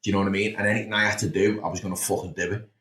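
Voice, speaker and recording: Racing through candid tales of his past, this Liverpool-accented podcast guest in his thirties is blunt and sweary, peppering in "do you know what I mean." His lowish voice holds a level, fairly bright tone. There's a roomy echo and a little hiss or hum.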